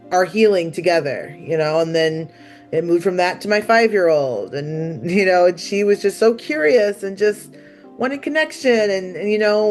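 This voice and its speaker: A woman giving an earnest personal testimonial, halting and full of "like" and "you know", close to tears. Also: mid-range voice. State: emotional, near tears. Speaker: retreat participant giving a testimonial.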